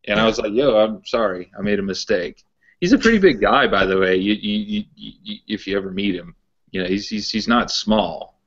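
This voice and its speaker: Low-voiced male podcast co-host, rambling storyteller, muffled lo-fi audio. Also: expressive, fairly quick, fairly bright tone, slightly rough. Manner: rambling storyteller, repeats words. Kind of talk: casual chat.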